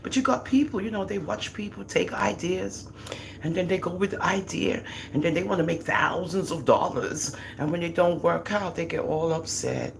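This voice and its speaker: This is a lowish, creaky female voice at a moderate pace, with a little hiss or hum in the recording. The speaker, a middle-aged Jamaican-accented livestream host, chats casually in an animated, teasing way and brags about her kids.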